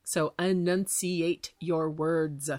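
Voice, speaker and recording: A woman hosting a small business advice podcast, talking in a lively, chatty way, fast and with bursts of laughter. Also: deep voice, no echo, studio quality.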